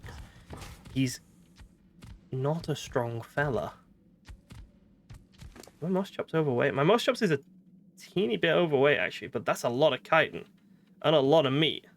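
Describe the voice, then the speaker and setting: A medium-pitched voice with vocal fry and a little hiss or hum belongs to a gaming streamer from northern Britain. Speaking in that region's accent, he gives casual commentary while playing, reasoning aloud and joking at his own expense.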